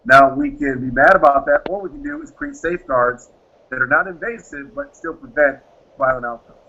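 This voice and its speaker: A man's voice: fairly high pitch, big pitch swings, moderate pace, pushed and bright. A man who founded a private security firm, answering interview questions in an emphatic way and acting out the exchanges he describes. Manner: emphatic, acts out quoted exchanges. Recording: dull lo-fi audio.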